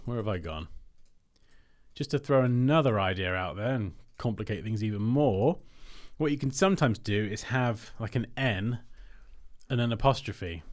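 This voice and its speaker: A man's voice: medium pitch, a little mellow. A man hosting a design-review livestream, chatting casually and thinking aloud as he works on screen.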